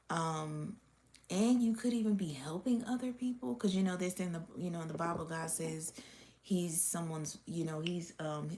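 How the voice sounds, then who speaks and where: Woman reading cards for her viewers. Lowish voice, off-the-cuff delivery, blunt, swears freely, laughs often. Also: moderate pace, warm tone. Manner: blunt and profane, with frequent laughs and fillers. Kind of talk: casual unscripted reading to camera.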